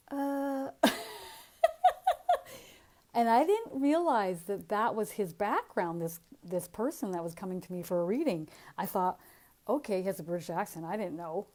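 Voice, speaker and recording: A woman's voice: on the low side, low-quality recording. A middle-aged woman speaking as a spiritual medium, talking casually and animatedly, laughing often as she tells stories. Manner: animated storytelling, frequent laughs.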